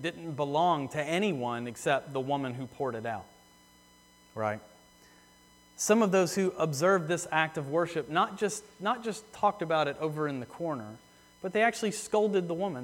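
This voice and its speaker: Male pastor with a slightly high voice, preaching earnestly in a church with long reverb. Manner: earnest, repeats phrases for emphasis, slows on key words. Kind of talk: sermon.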